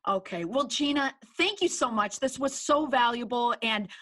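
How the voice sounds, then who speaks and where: A woman hosting a podcast interview, reacting with animated enthusiasm and asking questions in a casual chatty way. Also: fairly high pitch, moderate pace. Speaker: podcast host. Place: Massachusetts area.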